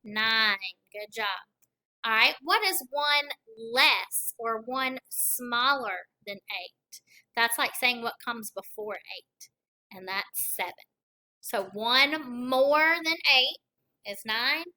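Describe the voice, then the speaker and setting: A woman teaching a kindergarten lesson, counting aloud slowly and encouraging young children. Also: fairly high pitch, bright, forceful tone, low-quality recording. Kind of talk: recorded classroom lesson.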